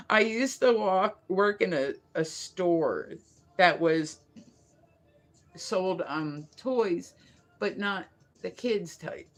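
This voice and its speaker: A woman's voice: fairly low pitch, expressive, extremely slow. A woman hosting a casual morning livestream, rambling through stories with lots of fillers and laughing at herself. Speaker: livestream host.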